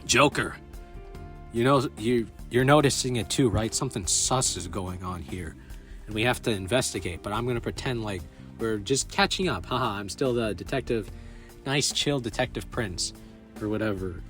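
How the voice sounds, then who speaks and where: A smug young detective from a video game, as a man acts him out, scheming and hostile under a casual manner. His voice sits near the man's own pitch, with faint music in the background. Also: normal speed, fairly bright tone, natural voice.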